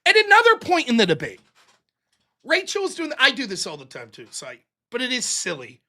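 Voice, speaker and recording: A man's voice: extremely high pitch, wildly swooping pitch, brisk, bright, forceful tone. A man hosting a livestream, ranting casually and profanely about a debate, laughing often. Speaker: livestream host.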